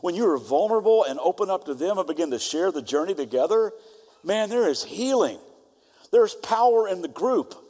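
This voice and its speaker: A middle-aged man preaching a sermon as pastor, moving between fervent exhortation and quiet storytelling. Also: fairly high pitch. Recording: long hall reverb.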